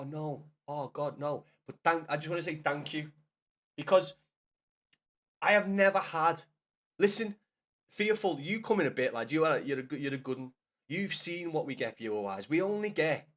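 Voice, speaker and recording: A man's voice: fairly high pitch, a bit bright. A man with a Scouse accent, chatting casually to his chat while he streams a game, swearing freely. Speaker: gaming streamer.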